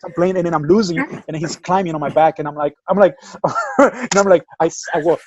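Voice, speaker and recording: A man co-hosting a soccer podcast, telling animated stories in casual chat over a remote link. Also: on the high side, brisk, slight background noise. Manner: animated storyteller. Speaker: podcast co-host. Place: home, remote call. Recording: dull lo-fi remote audio.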